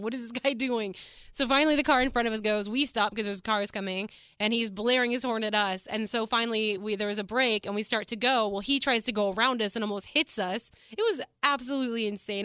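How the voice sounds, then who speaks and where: Young woman rambling on her podcast, bright and crisp, dry close sound, lots of likes and swearing. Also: on the high side, dry recording. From Texas. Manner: chatty, animated, swears freely, heavy use of "like". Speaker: podcast host. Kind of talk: casual solo podcast chat.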